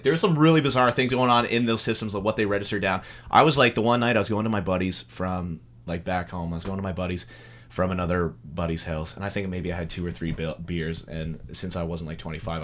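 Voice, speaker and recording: A young man hosting a casual podcast, telling a story with lots of swearing and animated voices for the people in it. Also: low-pitched. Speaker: podcast host.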